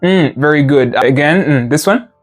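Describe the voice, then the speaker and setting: A man's voice: on the high side, moderate pace, soft background music. A man teaching a language class, patiently modeling sounds and drilling students with repetition. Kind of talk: classroom lesson.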